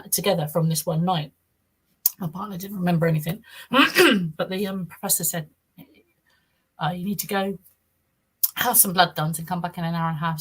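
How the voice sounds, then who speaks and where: A woman's voice: lowish voice, breathy edge, poor audio. A middle-aged woman from southern England with an English accent, telling a personal story in an interview, rambling and acting out the quoted speech. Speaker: interview guest.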